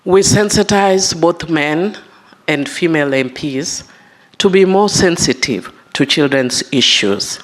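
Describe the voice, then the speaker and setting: Slow, emotional Kenyan woman speaking. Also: low voice, animated. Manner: emotional, halting, apologizes for her feelings. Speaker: member of parliament giving an address. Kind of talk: public speech at a side event. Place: conference room.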